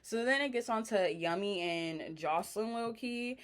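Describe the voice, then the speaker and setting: A woman's voice: medium pitch, normal speed. A woman casually recapping a reality TV reunion in blunt, profane slang.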